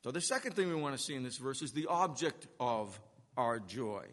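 A man's voice: mid-range voice, expressive, moderate pace, a bit bright, in a large hall. A man preaching a Sunday sermon, driving his points home with repeated, emphatic phrases. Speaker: pastor.

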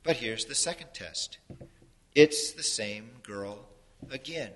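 A man preaching a sermon in an earnest, explanatory way, his loudness rising and falling for emphasis. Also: medium pitch, lively intonation, takes it slowly, a little hiss or hum. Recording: long hall reverb.

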